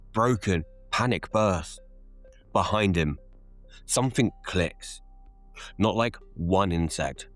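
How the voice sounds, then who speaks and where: A man narrates a scripted horror tale in a very low voice. He takes it slowly and deliberately, each line measured. Faint music sits underneath.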